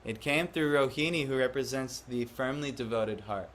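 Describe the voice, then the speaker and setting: A man's voice: mid-range voice, normal speed, fairly bright tone, a little hiss or hum. A man giving a devotional class to a live audience, often questioning the listeners and acting out the voices he quotes. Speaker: spiritual teacher.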